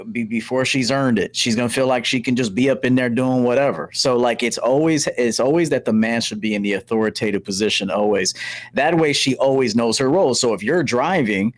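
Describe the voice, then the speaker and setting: A man's voice: medium pitch, normal speed. A man co-hosting a casual podcast, talking bluntly and profanely with frequent restarts. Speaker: podcast co-host.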